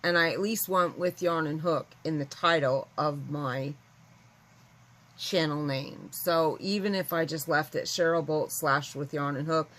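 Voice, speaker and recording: A woman's voice: deep voice, a bit bright, poor audio. A woman chatting casually to her viewers, rambling and candid. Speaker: vlogger. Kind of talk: casual chat to camera.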